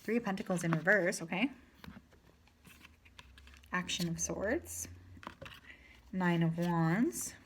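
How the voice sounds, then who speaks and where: A woman giving a pick-a-card tarot reading, talking in a gentle, reassuring and chatty way, with fillers. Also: on the low side, a little hiss or hum. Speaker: tarot reader.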